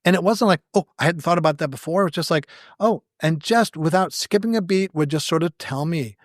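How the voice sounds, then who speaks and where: A man's voice: fairly high pitch, brisk, dry recording, clean studio sound. A man, a podcast guest, telling stories with wry humor and acting out quoted dialogue. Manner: animated storyteller who acts out quoted dialogue; wry, self-deprecating humor. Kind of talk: anecdotal storytelling in conversation.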